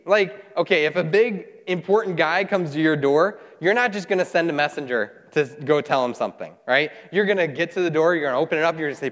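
A man preaches a sermon in a fairly high voice. He reads scripture and breaks into lively asides, acting out the characters. His voice rings with the long reverb of a big hall. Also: fairly quick. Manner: animated, voices the characters while retelling.

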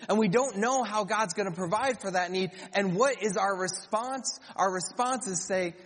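A man's voice: sits high, normal speed, few pauses, fairly bright tone. A man preaching a sermon in a conversational way, with joking asides between scripture readings. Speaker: pastor. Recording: reverberant hall.

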